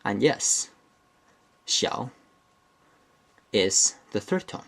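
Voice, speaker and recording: A man narrates a beginner language lesson in a slow, unhurried voice that sits a little low. He explains each point methodically and often stops to restate or correct himself mid-phrase. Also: animated. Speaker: language teacher.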